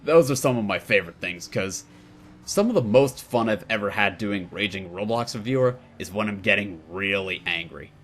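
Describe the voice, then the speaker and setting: A young man with a fairly low voice reads out viewer questions and answers them in a relaxed, wry way, now and then slipping into mock-formal replies. He is recorded on a home desk mic, with a faint hiss of room ambience behind him. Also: moderate pace. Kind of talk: casual Q&A monologue.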